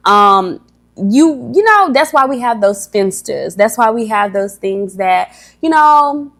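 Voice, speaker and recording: Young woman, livestream host, casual motivational talk, rambling, a bit nervous, trips over words. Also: mid-range voice. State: a little nervous.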